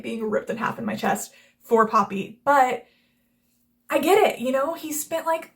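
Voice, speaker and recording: Gushing young woman with a bright voice. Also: fairly high pitch, moderate pace. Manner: gushing, rambling with many "like" fillers, acts out characters' lines. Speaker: book reviewer and channel host. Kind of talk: casual chat.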